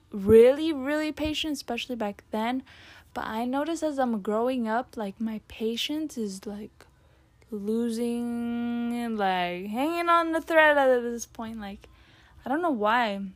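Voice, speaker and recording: A young woman talks casually on her own podcast, musing and rambling with lots of fillers. Her voice sits a little high. The recording is dry and close, with no room sound. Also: measured pace, no room sound. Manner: chatty, rambling, many "like" fillers. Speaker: podcast host. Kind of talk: casual solo talk reading old notes.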